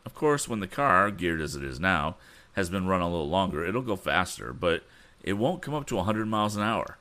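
A man's voice: sits low, sing-song, fairly quick, bright, forceful tone, exaggerated voice. A man reading the part of a modest but determined young male inventor who speaks earnestly.

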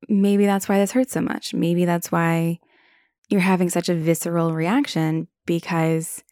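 A woman's voice: medium pitch, warm tone, dry recording, studio quality. A young woman hosting a podcast, talking frankly in a casual monologue, swearing and filling her speech with "like". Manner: frank, swears freely, many "like" fillers. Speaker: podcast host.

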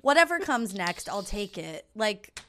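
A woman's voice: mid-range voice, unhurried. A young adult woman co-hosting a podcast, telling stories casually and acting out what people said. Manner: chatty storyteller, animated quoting. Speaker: podcast co-host. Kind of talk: casual chat.

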